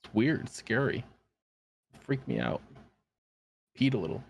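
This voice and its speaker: A man's voice: medium pitch, slow pace, vocal fry, husky. A man co-hosting a podcast in casual chat, joking and swearing freely. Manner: animated, joking, profane. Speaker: podcast co-host.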